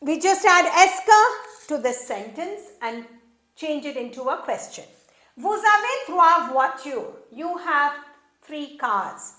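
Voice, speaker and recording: A woman teaching a beginner language lesson, explaining step by step and slowly repeating each example sentence. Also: sits high, big pitch swings, sharp tone, roomy sound. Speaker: French teacher.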